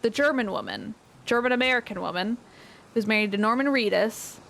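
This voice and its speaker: A woman's voice: on the high side, expressive, a little fast, gravelly, fairly bright tone, slight background noise. A woman streaming a survival game with a friend, chatting casually and rambling, laughing often. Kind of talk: casual gaming chat.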